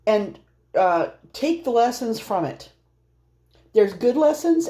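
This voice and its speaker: Chatty woman reading tarot, mellow voice. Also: medium pitch. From Norwegian heritage. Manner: chatty and rambling, laughing often. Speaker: tarot reader. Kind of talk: casual spoken tarot reading.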